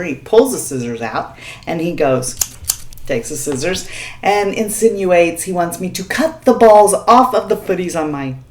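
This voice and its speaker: A woman vlogger telling a story in casual chat, laughing often and checking in with the viewer. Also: deep voice.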